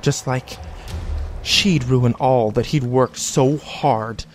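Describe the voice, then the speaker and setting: A man reading a scripted horror story in a measured, deliberate way. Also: mid-range voice, slight background noise. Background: faint background music.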